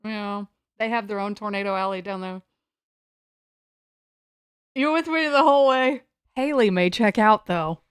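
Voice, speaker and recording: A woman from the United States talks her way through a casual live stream, rambling and poking fun at herself. Her voice sits in an ordinary middle pitch, and the sound is dry and close, with no room around it. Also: clear, resonant tone, no room sound. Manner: rambling, playful, self-mocking. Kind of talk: casual livestream chat. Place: at home, sitting on the floor.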